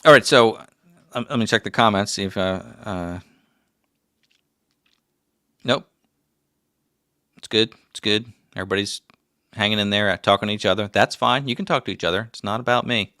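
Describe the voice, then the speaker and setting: A man's voice: lowish voice, normal speed, long pauses, pushed and bright, no echo, studio quality. A middle-aged man hosting a casual livestream, rambling through stories with self-mocking jokes. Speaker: livestream host.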